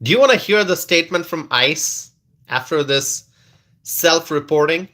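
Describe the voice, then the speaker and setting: Speaking slowly and dragging out his words, a male livestream host offers casual political commentary to live viewers, laughing a lot, repeating lines for effect and restarting often. His voice is a little high and sharp.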